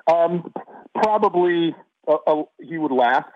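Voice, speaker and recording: A man's voice: on the high side, lively intonation, slow pace, dry recording. A man from Chicago, an actor being interviewed, telling stories casually and rambling with fillers and restarts over a call. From Chicago, USA. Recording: tinny phone-like line.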